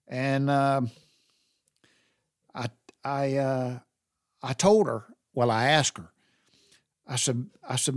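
A man's voice: mid-range voice, takes it slowly, pauses often, a bit bright, no echo, studio quality. Middle-aged Southern man telling a heartfelt story. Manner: rambling and heartfelt, with many restarts. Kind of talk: personal storytelling.

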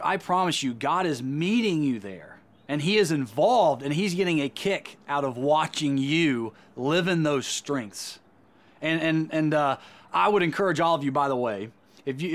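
A man's voice: fairly high pitch, fairly bright tone. A man delivering a sermon as a Christian speaker, earnest and emphatic, often repeating words as he goes.

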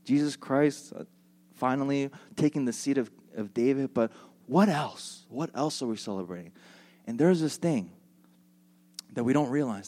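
A man preaching a sermon as pastor, animated and joking in a conversational way. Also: mid-range voice, normal speed. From United States.

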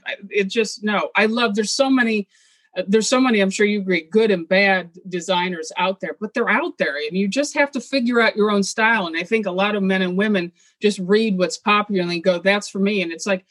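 A woman's voice: medium pitch, dry recording. Opinionated woman guest, dry sound. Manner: animated, opinionated, quick asides. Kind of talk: casual interview chat.

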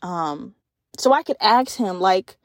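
A woman in her twenties hosting a casual solo podcast, telling comedic, profane stories with an animated delivery and lots of "like.". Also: medium pitch, slow pace, dry recording, clean studio sound. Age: 20s. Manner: frequent fillers like "like". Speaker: podcast host.

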